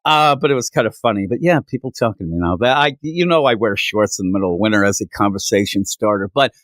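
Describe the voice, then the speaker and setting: A man's voice: fast, dry recording, clean studio sound. A man from Minnesota co-hosting a casual comic book review chat, telling anecdotes and acting out the people in them. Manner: animated storyteller, acts out quoted people in high voices. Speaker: comic book podcast co-host.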